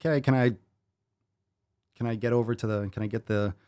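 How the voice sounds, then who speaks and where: A man hosts a live podcast stream and reads viewer comments aloud. He swears freely and hypes things up, with a sarcastic edge. His voice sits at an ordinary middle pitch. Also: steady tone, a little fast, dark tone, clean tone. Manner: profane, hyped-up, sarcastic. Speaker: podcast host.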